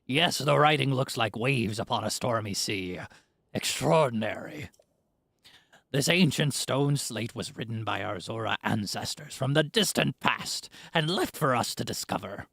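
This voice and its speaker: Giotto, a man putting on a gravelly pirate-ish scholar. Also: medium pitch, animated, unhurried, fairly bright tone, no room sound, heavily acted. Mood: grandiose. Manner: pirate-like, grandiose reading voice. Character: pompous male fish-folk historian, scholarly.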